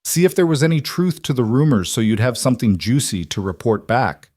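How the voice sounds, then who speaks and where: A man voicing a quiet cowboy who speaks in a calm, measured and firm way. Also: mid-range voice, no room sound, studio quality, pitched above the performer's own voice.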